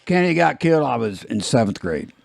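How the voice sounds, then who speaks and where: A man's voice: medium pitch, sing-song, quick pace, gravelly, no room sound. A man, hosting a podcast in a loose, rambling, jokey way and laughing at his own jokes. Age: 50s. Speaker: podcast host. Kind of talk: casual chat.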